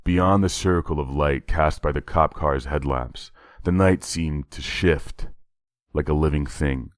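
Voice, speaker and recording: A man narrating a horror short story in a measured, dramatic read. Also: a bass voice, no room sound, studio quality.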